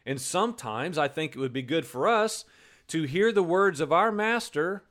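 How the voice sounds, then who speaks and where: A man's voice: a little high, expressive, moderate pace, fairly bright tone. A man preaching a sermon in a conversational way, with restarts and acted-out quotes. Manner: conversational, repeats words, acts out quotes.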